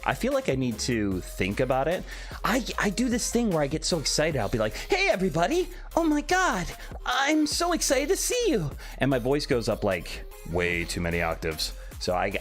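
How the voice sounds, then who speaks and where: A man streaming live, chatting casually and playfully while reading out and answering his chat. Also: on the low side. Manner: animated, reads chat aloud and answers playfully. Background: faint background music.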